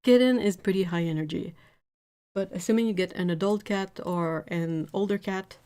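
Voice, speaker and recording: An art streamer chats casually from her home painting desk during a live stream, rambling and restarting often. Her voice is lowish and dark in tone, at a normal speed.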